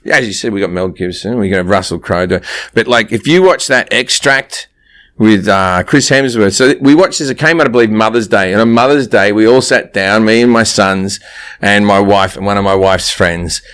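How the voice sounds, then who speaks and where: A man's voice: fairly low pitch, normal speed, a bit bright. A middle-aged man with an Australian accent, telling crude stories in casual podcast chat. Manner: profane, rambling storytelling. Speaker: guest comedian.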